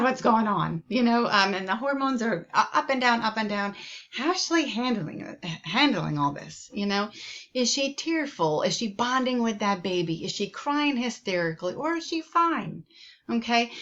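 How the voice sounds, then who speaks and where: A woman's voice: mid-range voice, a bit bright, muffled recording. Woman nursing instructor, lots of ums. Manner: many ums, conversational and repetitive. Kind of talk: recorded lecture.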